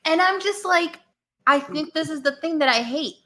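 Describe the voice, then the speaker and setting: Bright-voiced, blunt podcast co-host woman. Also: sits high, moderate pace. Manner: blunt, mocking, animated storytelling. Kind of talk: casual podcast chat.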